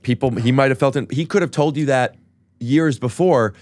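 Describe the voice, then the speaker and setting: A man's voice: medium pitch, normal speed, darkish tone, no echo. A man hosting a podcast, talking earnestly and emotionally, stumbling through restarts. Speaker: podcast host. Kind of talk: casual podcast chat.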